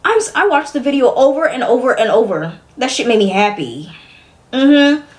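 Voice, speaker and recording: A young adult woman streaming live, venting casually to her chat in an exasperated, profane way that swings between loud disbelief and weary muttering. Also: a little high, sing-song, normal speed.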